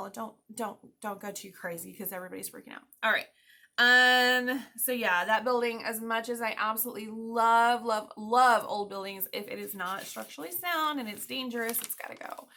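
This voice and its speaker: A woman realtor chatting casually to camera in an update video, animated and full of fillers and little laughs. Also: a little high. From Florida, US. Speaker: realtor giving a market update.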